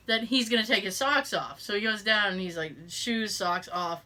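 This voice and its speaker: A woman's voice: medium pitch, normal speed, few pauses, bright, forceful tone. A middle-aged woman hosting a podcast, telling a story in casual chat, swearing freely and laughing as she talks. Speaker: podcast host.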